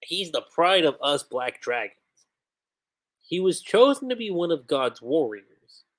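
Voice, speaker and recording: A man casually reviewing a comic chapter on a livestream, animated and chatty, with many fillers. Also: on the high side, unhurried.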